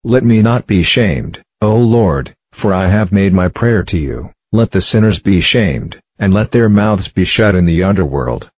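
A man reading psalms aloud in a steady, measured recited cadence. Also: deep voice, dry recording. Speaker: scripture reader. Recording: dull, lo-fi dry recording.

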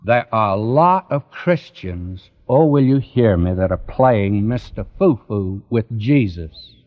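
A man's voice: on the low side, lively intonation, slow pace. Male preacher, earnest, direct address, dull lo-fi recording. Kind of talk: radio Bible sermon.

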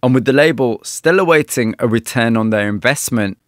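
Measured male interviewer and narrator. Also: mid-range voice, no room sound, studio quality. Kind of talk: documentary-style narration and questions.

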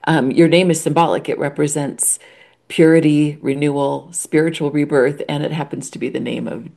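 An American woman co-hosting a podcast, talking earnestly and warmly and reading listener letters aloud. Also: deep voice, fairly even intonation, moderate pace, gravelly. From United States. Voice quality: warm, heartfelt, teary at times. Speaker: podcast co-host. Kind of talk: emotional casual chat.

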